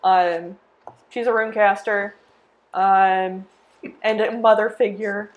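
A woman's voice: medium pitch, flat delivery, takes it slowly, narrow, tinny audio. A woman introducing her character on a tabletop game podcast, a little hesitant. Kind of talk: casual podcast banter.

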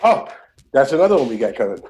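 A man's voice: medium pitch, very animated, fast talker, darkish tone, faint music behind. A man joking and chiming in during casual chat, swearing freely.

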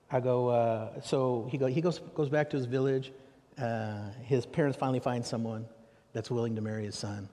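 An American man preaching, telling a story with animated quoted dialogue. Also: moderate pace. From United States. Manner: animated, acts out dialogue with raised pitch for questions. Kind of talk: sermon storytelling. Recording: long reverb of a large hall.

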